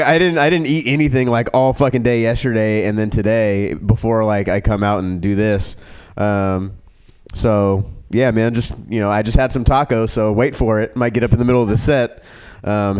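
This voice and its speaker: A man doing a stand-up comedy set, rambling and profane, full of fillers and restarts, who jumps to a higher pitch when he acts out other people. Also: fairly even intonation, moderate pace, smooth. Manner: acts out characters in a raised pitch.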